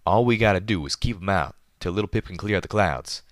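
A man doing a drawling pegasus shouting orders. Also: sits low, fast talker, no echo, studio quality, close to an everyday voice. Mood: grim. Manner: loud, urgent, clipped. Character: Southern male pegasus fighter, shouting in battle.

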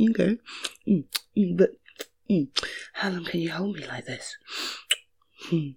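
Breathy woman, whispered role-play. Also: on the low side, lively intonation, extremely slow, pauses often. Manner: intimate, sighing and giggling.

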